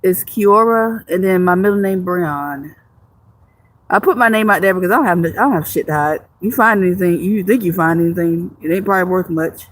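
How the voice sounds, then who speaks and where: A woman's voice: on the low side, brisk. Joking, blunt woman livestreamer. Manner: blunt, joking, swears freely; rambling with frequent restarts. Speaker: live streamer. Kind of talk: casual livestream chat reading viewer comments.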